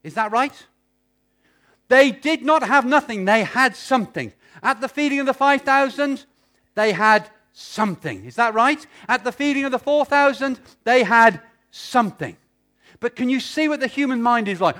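A man's voice: very high voice, lively intonation, normal speed, sharp tone. A man preaching a sermon, urging his listeners with repeated questions.

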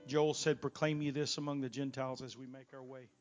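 A man preaching a revival sermon as a guest preacher in a church. He swings from loud shouting peaks down to quiet asides. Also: medium pitch, flat delivery, brisk, faint music behind. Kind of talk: Pentecostal sermon. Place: church sanctuary.

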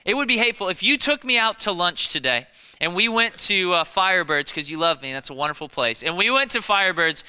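Bright-voiced young pastor preaching in a hall. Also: male voice, high-pitched, lively intonation, fairly quick, clear, resonant tone. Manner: conversational, repetitive, emphatic preaching. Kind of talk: sermon. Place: church auditorium. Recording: long hall reverb.

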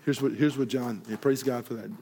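A man preaching a sermon, telling a story and acting out each person in it, rising loud when excited and falling soft and quiet for earnest points. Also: mid-range voice, a little fast. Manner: animated storyteller, acts out dialogue, grows loud in excitement. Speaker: pastor.

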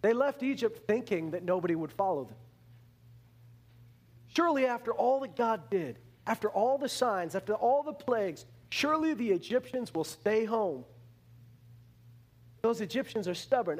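A man preaching a sermon in an animated way, repeating words and restarting phrases as he acts out the people he talks about. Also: normal speed. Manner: animated, acts out the complaining Israelites in a higher voice.

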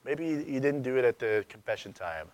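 A man's voice: medium pitch, expressive, a little fast, darkish tone, no echo. A man in his thirties preaching a sermon in a conversational, searching way, asking rhetorical questions and raising his voice for emphasis. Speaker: pastor.

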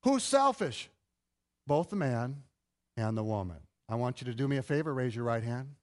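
A middle-aged male pastor giving an animated, conversational sermon full of rhetorical questions. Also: mid-range voice, normal speed.

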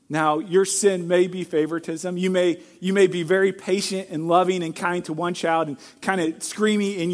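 A middle-aged man preaching a sermon as pastor, earnest and direct, now and then acting out quoted lines in a loud burst. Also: sits high.

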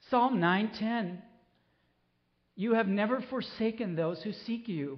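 Impassioned middle-aged preacher, slightly high voice. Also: male voice, slow pace, lo-fi sound. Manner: impassioned, pleading, then soft and reflective. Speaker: pastor. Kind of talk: sermon.

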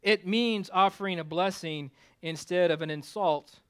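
A male pastor preaching a conversational sermon with self-deprecating humor, climbing louder for emphasis and dropping low for asides. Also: measured pace, smooth. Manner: rises in pitch and volume for emphasis, drops low for asides.

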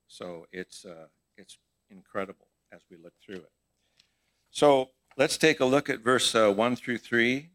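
A man's voice: medium pitch, expressive, measured pace, a bit bright, no room sound. A middle-aged male pastor giving a conversational sermon in church, asking his congregation questions as he teaches.

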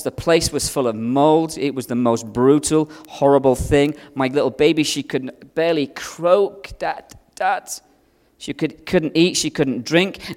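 A man preaching a sermon, telling a personal story with strong swings between loud and hushed delivery. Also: on the high side, big-room sound. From outside America.

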